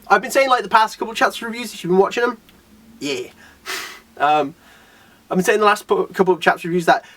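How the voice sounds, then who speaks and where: A man's voice: sits high, fairly bright tone, far from the mic. A man giving a casual, rambling manga chapter review, full of "like" and acted-out quotes.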